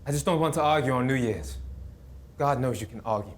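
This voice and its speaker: A man's voice: mid-range voice, brisk, reverberant, a little hiss or hum, natural voice. An actor in his twenties playing a proud young man at an audition in a short film. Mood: dramatic reading. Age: 20s. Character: young male actor, proud, quick to anger. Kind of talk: film dialogue.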